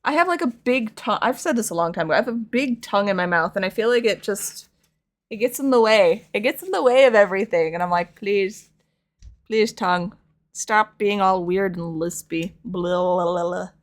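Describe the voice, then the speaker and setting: A woman's voice: medium pitch, lively intonation, fast talker. A young woman with a slight lisp chatting casually with her stream audience while painting, rambling and self-deprecating.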